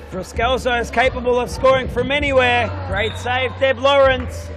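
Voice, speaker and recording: A man's voice: very high voice, takes it slowly, long pauses, over music. A man doing chatty, jokey live commentary on a futsal match in an indoor stadium. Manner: chatty, jokey, banters with the referee. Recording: crowd noise in a sports hall. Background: crowd noise.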